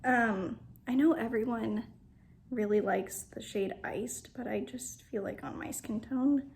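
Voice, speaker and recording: A woman's voice: on the high side, slow, long pauses, slight background noise. A young woman reviewing makeup in a casual vlog at home, gushing and often dropping to a whisper. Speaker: beauty vlogger. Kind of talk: makeup first-impressions vlog. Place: home, at a mirror.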